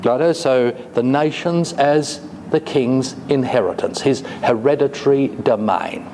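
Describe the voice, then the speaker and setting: A man giving a classroom lecture, talking slowly and hesitantly with many fillers and asides. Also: medium pitch, dark tone. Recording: long reverb, faint noise.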